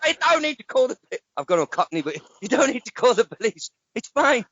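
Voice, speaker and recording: Man doing a higher, laughing cockney geezer, flustered and apologetic, dry lo-fi sound. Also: big pitch swings, brisk, a bit bright, no room sound, exaggerated voice. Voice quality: blokey, flustered, laughing through words.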